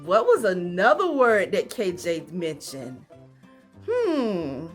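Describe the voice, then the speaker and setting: A woman teacher leading a phonics lesson for young children, speaking slowly in an encouraging sing-song and asking many questions. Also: lowish voice, huge pitch swings, faint music behind.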